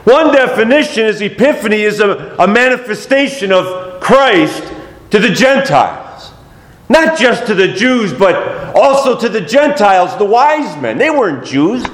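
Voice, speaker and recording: Pastor guy preaching, real high voice, gets loud n chuckles, echoey church room. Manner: animated, rising to shouts of praise; chuckles between lines. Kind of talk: sermon. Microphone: microphone, moving on and off it.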